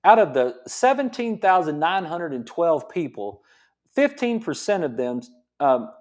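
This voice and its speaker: Fired-up man, high-pitched, coaching-style health talk, repeats lines for emphasis. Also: a little slow. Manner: excited, repeats himself, uses football coaching comparisons. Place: his gym.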